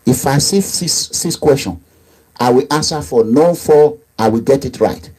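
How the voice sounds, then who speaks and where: A middle-aged man with a Nigerian accent, delivering an impassioned monologue as an activist leader, emphatic and repetitive, with low asides and raised outbursts. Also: normal speed, darkish tone, breathy edge.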